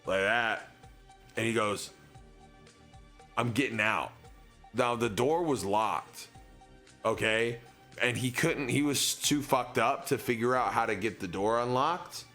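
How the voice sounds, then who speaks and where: A man's voice: mid-range voice, a little slow, sharp tone, faint music behind. A young man streaming, telling a long casual story in a rambling way, full of filler words.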